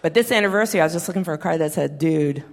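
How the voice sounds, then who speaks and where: A woman in her thirties doing a profane, deadpan stand-up set, acting out quotes in her stories. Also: lowish voice, rapid-fire, vocal fry. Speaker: stand-up comedian. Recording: long reverb of a performance hall.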